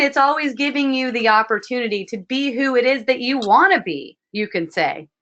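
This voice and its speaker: A woman hosting an online spiritual dialogue, speaking gently and repetitively, often asking "see?". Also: a little high, normal speed, few pauses, dull audio. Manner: soft, repetitive, frequently asks "see?". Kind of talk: gentle spiritual guidance talk. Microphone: video call.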